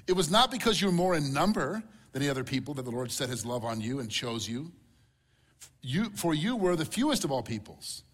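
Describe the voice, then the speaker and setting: A man's voice: a little high, fairly bright tone. A middle-aged man preaching a sermon as pastor, earnest and repeating key words for emphasis.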